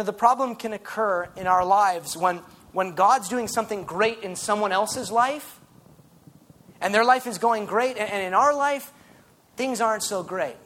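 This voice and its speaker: Man preaching a lively conversational sermon. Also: high voice. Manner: animated, conversational preaching with frequent restarts. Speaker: pastor.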